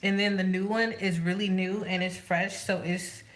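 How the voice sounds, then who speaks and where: A woman vlogger chatting casually to herself as she does her makeup, rambling and thinking out loud. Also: mid-range voice, little pitch movement, moderate pace, slight background noise. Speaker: beauty vlogger. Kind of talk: casual chat while doing makeup.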